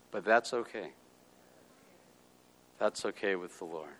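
A man preaching a sermon in an animated way, acting out quotes and swinging between quiet asides and loud, emphatic lines. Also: fairly high pitch, brisk, long pauses, long reverb tail. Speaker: pastor.

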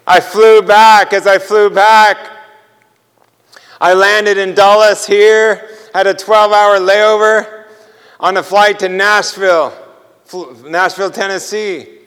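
A man preaching, telling a personal travel story with lively acted-out dialogue and laughter. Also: high voice, clean tone, big-room sound. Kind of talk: sermon storytelling.

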